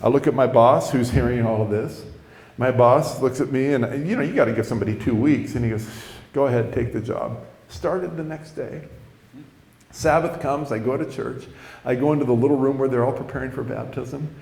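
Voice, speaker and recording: A man who is a pastor tells his conversion story in a sermon, with lively storytelling and self-mocking humor. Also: medium pitch, a little fast, gravelly. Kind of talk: sermon testimony. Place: church. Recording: echoey hall.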